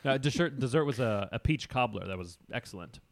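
A man chatting casually on a podcast, rambling through stories with plenty of "uh" and "like". His voice sits at an ordinary middle pitch. The sound is close and dry, with no room around it. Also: expressive, brisk, no room sound. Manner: rambling, enthusiastic storyteller with fillers. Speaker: podcast co-host. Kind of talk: casual chat.

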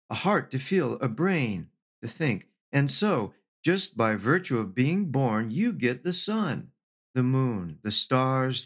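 A man's voice: a bit bright, husky. Earnest middle-aged man giving an inspirational speech. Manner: measured, slow lists with lifts in pitch for emphasis; earnest, with wry asides. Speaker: motivational speaker.

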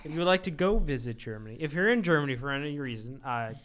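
A man's voice: on the high side, animated, fast talker, crowd noise. A young man co-hosting a podcast, joking around in casual chat and giggling often. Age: young adult. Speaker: podcast co-host.

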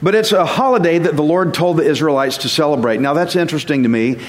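Talking at a quick pace in a slightly high voice, this Bible teacher keeps his sermon casual and conversational. He pokes fun at himself and chuckles occasionally, with long reverb on the audio.

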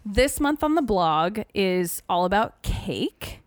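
A woman's voice: medium pitch, big pitch swings, slow, no room sound. A young adult woman co-hosting a podcast, chatting in a rambling, casual way with plenty of fillers. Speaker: podcast co-host. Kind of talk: casual chat.

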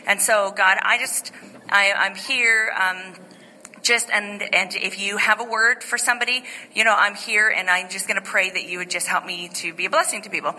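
Bright-voiced woman pastor preaching in a hall. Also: medium pitch, normal speed, a little hiss or hum. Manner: chatty, animated storytelling with many fillers and restarts. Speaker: lead pastor. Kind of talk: informal sermon testimony. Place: church sanctuary.

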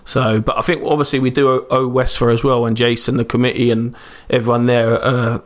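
A man hosting a casual podcast chat, talking quickly and repeating himself as he goes. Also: medium pitch, flat delivery. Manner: rapid, chatty, repeats himself. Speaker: podcast host.

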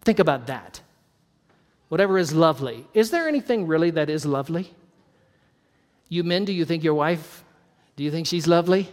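A man with a high, light voice preaching a sermon, friendly and conversational, slipping in jokes and laughing as he goes. His voice rings with a long reverb, as in a large church hall. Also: lively intonation, normal speed, long pauses. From North Idaho. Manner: conversational, joking asides, laughs often. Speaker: pastor.

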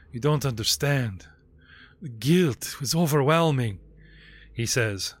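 A caged fallen Jedi master, a male alien sunk in despair, as a man puts him on at a tabletop game. He speaks at an ordinary middle pitch, bitter and self-pitying, and drops curses into his grim telling. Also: natural voice. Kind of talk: tabletop role-play character voice.

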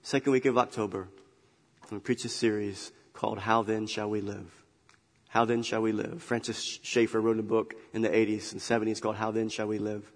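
A man preaching a sermon as pastor, emphatic and animated, swinging between loud emphasis and quiet asides. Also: fairly low pitch, a little fast, long reverb tail. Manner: animated, emphatic storytelling with big swings in loudness. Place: church sanctuary.

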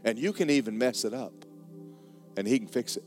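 A man's voice: mid-range voice, a little fast, darkish tone, soft background music. A man preaching a sermon as pastor, folksy and joking, repeating words for effect.

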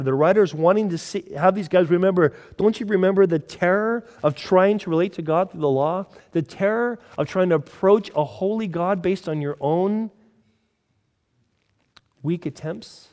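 A male preacher retells scripture in a conversational, animated way, slipping into voices for each character. His voice sits a little high for a man. He moves between punchy asides and earnest emphasis. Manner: conversational storytelling, animated, acts out quotes. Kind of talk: sermon.

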